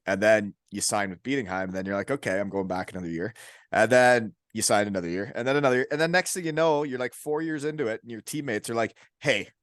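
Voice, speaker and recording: A man's voice: on the low side, dry recording, clean studio sound. A man hosting a casual podcast interview, joking and laughing often as he acts out little scenes. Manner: jokey, laughs often, acts out quoted dialogue. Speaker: podcast host.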